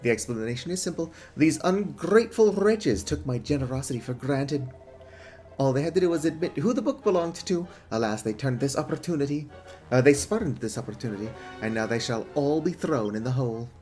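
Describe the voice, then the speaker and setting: A pompous prison warden, as a man puts him on, lording it over the inmates with theatrical formality. He pitches his voice up a touch and leans on grand phrasing, with faint music behind. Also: expressive, fairly quick, a little mellow, close to an everyday voice.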